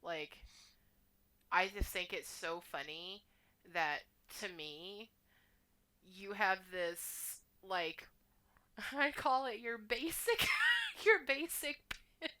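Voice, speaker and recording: A woman's voice: mid-range voice, big pitch swings, sharp tone. A woman from the United States co-hosting a casual podcast, chatty and full of "like". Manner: chatty, full of "like" and quick laughs. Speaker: podcast co-host. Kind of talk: casual chat.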